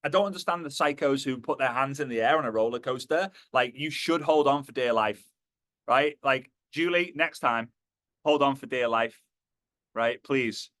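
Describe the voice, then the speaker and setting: A man giving a motivational talk to a live audience, animated and jokey, slipping into acted voices. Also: medium pitch, normal speed, dry recording. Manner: animated, acts out quoted voices, jokey asides. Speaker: motivational speaker.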